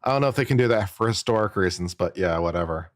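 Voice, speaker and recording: A man's voice: sits low, expressive, quick pace, no room sound, studio quality. Chatty man musing on a live stream. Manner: chatty, jokey, muses aloud and repeats himself. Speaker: attorney commentator. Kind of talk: casual live-stream commentary.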